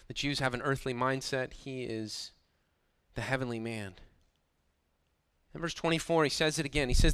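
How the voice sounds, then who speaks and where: A man's voice: medium pitch, pushed and bright, smooth, dry recording. A man preaching a sermon, building emphasis and dropping into sarcastic asides. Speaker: pastor.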